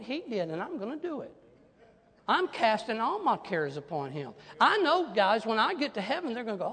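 A man with a very high, bright voice preaches a sermon as pastor. He swings from hushed asides to loud, animated declarations. His voice rings with the long reverb of a large church hall. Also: fairly quick, husky.

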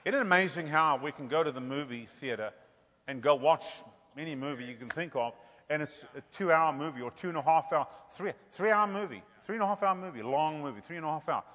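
A male preacher giving a humorous sermon, animated and joking, often tossing out a rhetorical "hello?" for laughs. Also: on the high side, brisk, in a large hall.

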